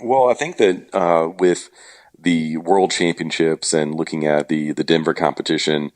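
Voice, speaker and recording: A man with an extremely deep, low voice talks casually as a guest on a podcast. He keeps it relaxed and joking, padding his sentences with fillers. The recording is dry and close. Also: a little slow, no room sound. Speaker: event organizer and guest.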